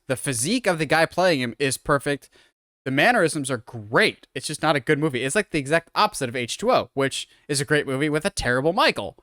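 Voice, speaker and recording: A man's voice: on the high side, sharp tone, no room sound, clean studio sound. A man co-hosting a podcast, rambling through an opinionated film breakdown in casual chat. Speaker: podcast co-host.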